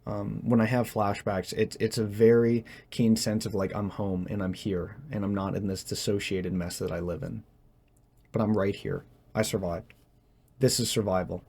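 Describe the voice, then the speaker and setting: A young man speaking in a personal confessional monologue, halting and hesitant as he searches for words, tense as he talks. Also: lowish voice, a little mellow. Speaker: vlogger.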